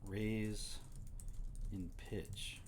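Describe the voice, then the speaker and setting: Man hosting a stream, low voice. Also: level tone, extremely slow, slight background noise. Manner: reads search results aloud, mimics speech patterns. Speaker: livestream host. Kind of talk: casual commentary on clips.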